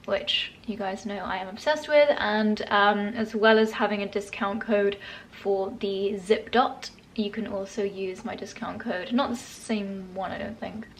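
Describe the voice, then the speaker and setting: A chatty woman talks casually in her home vlog. She gushes about products and laughs softly now and then, all while working through a facial massage. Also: mid-range voice, fairly even intonation, a little slow, slight background noise. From England. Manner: chatty and gushing, with soft laughs. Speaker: lifestyle vlogger.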